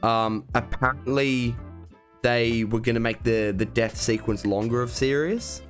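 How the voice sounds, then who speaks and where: A young man chatting as an excitable fan, gushing over scenes and drawing out his words at an unhurried pace. His voice sits at an ordinary middle pitch. Faint music plays softly behind him. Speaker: YouTube reaction host ranking films. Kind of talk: casual enthusiastic film review chat.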